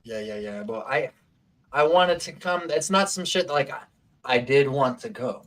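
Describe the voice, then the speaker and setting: A man's voice: medium pitch, moderate pace, a little hiss or hum. A man casually telling a wild story on a talk stream, swearing a lot and acting out what people said. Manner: profane, animated, acts out quotes.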